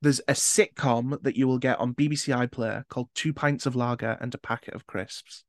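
A young British man hosts a casual podcast chat, candid and quick to swear. His voice sits at an ordinary pitch, and the recording is dry and close. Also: fairly even intonation, no echo. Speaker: podcast host.

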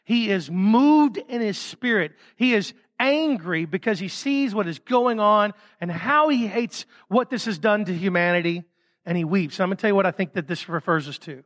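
A man preaching a sermon as pastor, with emphatic stresses that drop suddenly to a soft hush. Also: high voice, lively intonation, moderate pace. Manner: emphatic, swings from loud stresses to soft drops. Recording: reverberant hall.

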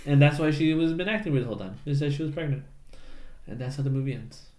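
A man co-hosting a casual podcast, recapping a film with lots of laughter and quick impressions of the characters. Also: a little high, a little mellow, reverberant. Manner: laughing, acts out lines in silly voices. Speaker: podcast co-host. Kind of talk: casual movie recap chat.

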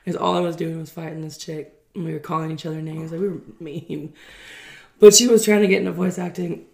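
A young woman co-hosting a podcast, telling a story in a casual, animated and profane way while acting out what people said. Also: sits low, brisk, vocal fry. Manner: animated, profane, acts out quotes. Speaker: podcast co-host.

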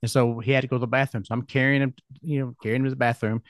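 A man in his forties hosting a casual chat, telling stories in a relaxed way with chuckles. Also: mid-range voice, rapid-fire, no room sound, clean studio sound. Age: 40s. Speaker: podcast host.

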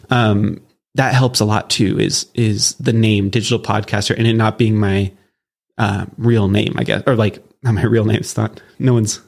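A man's voice: fairly low pitch, darkish tone. A man from Southern California hosting a solo podcast, talking in a loose, rambling way with plenty of fillers and restarts. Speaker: podcast host.

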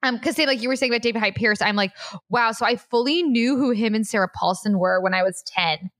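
A woman's voice: a little high, quick pace, fairly bright tone, no room sound, studio quality. A young woman co-hosting a casual chat podcast, giggly and gushing with lots of fillers. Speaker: podcast co-host.

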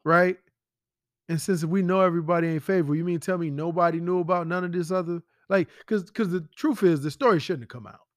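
Podcast guy ranting casual, blunt, swears a lot, kinda high voice, dry close mic. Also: fairly quick, no echo. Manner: blunt, profane, fires rhetorical questions. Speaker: podcast host. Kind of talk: casual commentary monologue.

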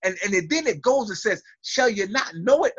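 A man's voice: high-pitched, sing-song, moderate pace, a bit bright, slightly rough, no echo, highs cut off. A man preaching a fervent sermon over a video call, building to call-and-response. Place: small room.

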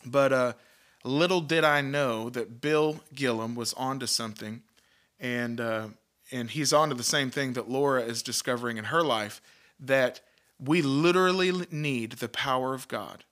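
A man hosts a devotional podcast, his voice bright and forceful. He talks earnestly and with emphasis, often doubling words and restarting his sentences. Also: medium pitch, normal speed. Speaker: podcast host, Christian teacher.

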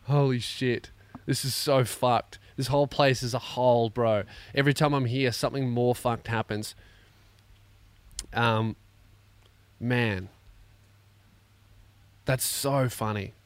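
A man's voice: medium pitch, fairly even intonation, slow, pauses often, smooth, no echo. Sarcastic sweary Australian man. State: in pain from a neck injury. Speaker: podcast host. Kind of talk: comedic podcast rant.

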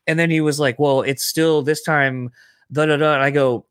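A man's voice: fairly high pitch, a little fast, no room sound. A man who works as a bar bouncer, telling a story in casual chat, swearing freely and acting out what everyone said. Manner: profane, animated storyteller acting out quotes.

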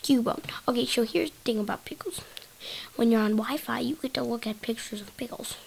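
A woman's voice: on the high side, fairly quick, gravelly, breathy edge, rough recording. A woman hosting a solo podcast, rambling in a silly, giggly way and jumping from topic to topic. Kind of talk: rambling casual monologue.

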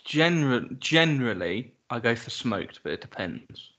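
Male podcast co-host, dry, teasing, stubborn, expressive up-and-down delivery. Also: medium pitch, a little slow. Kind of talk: casual banter.

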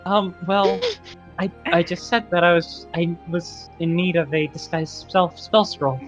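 A polite, hesitant adventurer who speaks slowly and stumbles through her requests, played by a woman. Her voice sits low and sounds dull, as if on a lo-fi recording. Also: steady tone, music in the background, lightly acted. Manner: hesitant, polite, full of ums.

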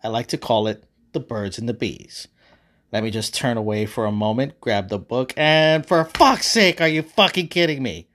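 A man's voice: lowish voice, fairly even intonation, moderate pace, natural voice. A man voicing a crude, laid-back male God who swears and gets annoyed easily, in a comic story reading. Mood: offhand. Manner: swearing, casual, loud.

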